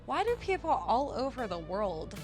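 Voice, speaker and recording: A woman's voice: fairly high pitch, sing-song, normal speed. A woman hosting a casual vlog, talking in a chatty, rambling, self-deprecating way with some swearing, over music. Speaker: podcast host. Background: background music.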